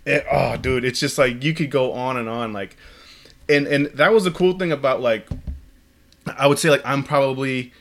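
A man's voice: mid-range voice, normal speed. A man hosting a casual podcast chat, telling rambling stories and swearing freely. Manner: rambling storytelling, frequent swearing.

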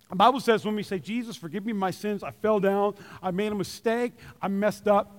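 A man preaching a sermon, animated and joking, calling out to the congregation. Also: high voice. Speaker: pastor. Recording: long hall reverb.

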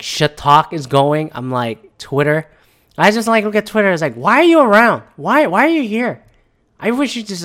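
A man's voice: a little high, fairly bright tone. A man in his thirties who works in tech, ranting in a casual, profane and rambling monologue that keeps drifting off on tangents. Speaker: tech worker ranting on current events.

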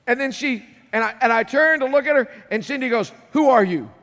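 Pastor guy preaching, kinda high voice, gets loud then goes quiet, big echoey church hall. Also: brisk. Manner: animated preaching, swinging between loud and hushed. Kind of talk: sermon. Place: church sanctuary. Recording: long reverb of a large hall.

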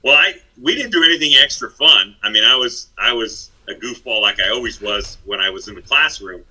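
A man's voice: mid-range voice, fairly quick, pushed and bright, breathy edge, poor audio. A middle-aged man, a former basketball head coach, telling stories in a blunt, self-deprecating way. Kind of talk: casual chat.

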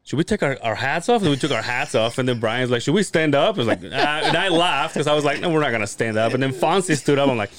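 A man's voice: mid-range voice, animated, fast talker, few pauses, a bit bright. A man hosting a podcast, telling stories in casual chat, swearing a lot and acting out what people said. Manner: storytelling with lots of profanity, restarts and acted-out quotes. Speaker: podcast host.

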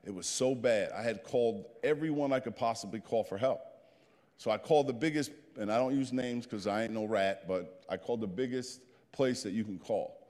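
Animated storytelling man in his fifties. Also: on the low side, long reverb tail. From New Jersey. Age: 50s. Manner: animated, plain-spoken storyteller. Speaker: guest speaker. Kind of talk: storytelling talk to a group.

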